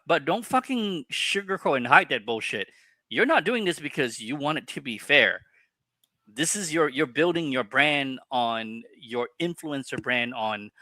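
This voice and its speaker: A man's voice: medium pitch, big pitch swings, moderate pace, pushed and bright, no room sound. A man co-hosting a casual collectibles podcast, ranting with heated, profane opinions. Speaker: podcast co-host. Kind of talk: casual chat.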